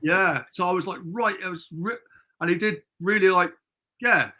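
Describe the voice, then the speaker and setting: Here a middle-aged English podcast guest chats over a remote call, spinning long, rambling stories in an informal manner. His voice is high with a sharp tone, at a normal speed.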